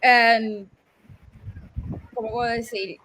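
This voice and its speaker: A woman's voice: on the high side, steady tone, slow pace, fairly bright tone. A woman with a Puerto Rican accent, co-hosting a casual chat, joking and switching between English and Spanish. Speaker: podcast co-host.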